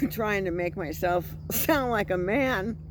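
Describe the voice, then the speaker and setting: A woman's voice: medium pitch, slow, background noise. A woman vlogger casually retelling a scary night, acting out the voices she quotes. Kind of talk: casual storytelling.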